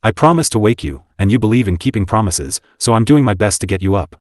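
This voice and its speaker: A man reading the lines of a bossy, teasing teenage older brother in an audiobook, brisk and commanding. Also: lowish voice, animated, darkish tone, no room sound, clean studio sound, natural voice.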